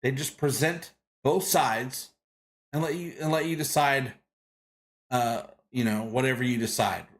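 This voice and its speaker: A man's voice: medium pitch, unhurried. Rambling enthusiastic male live-stream host. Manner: rambling with frequent restarts and fillers; enthusiastic, greets viewers by name. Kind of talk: casual live-stream chat reading comments.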